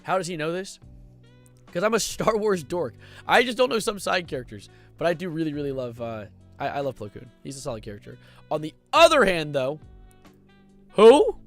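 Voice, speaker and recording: An excitable young man rambles through casual livestream commentary, swearing freely and bursting into loud outbursts. His voice sits fairly high for a man, with faint music playing behind. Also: a little fast. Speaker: streamer.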